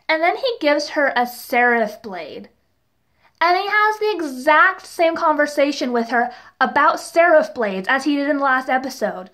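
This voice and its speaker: A woman's voice: sits high, animated, a little fast, fairly bright tone. A young woman reviewing a TV episode in a casual vlog, chatty and gushing, with lots of fillers and exasperated rhetorical questions. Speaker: TV and book reviewer.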